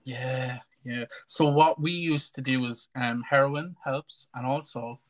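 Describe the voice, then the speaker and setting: A man with an Irish accent rambles through a livestream chat with crude jokes and loose asides. His pitch sits in an ordinary middle range. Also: fairly even intonation, slow. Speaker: co-host.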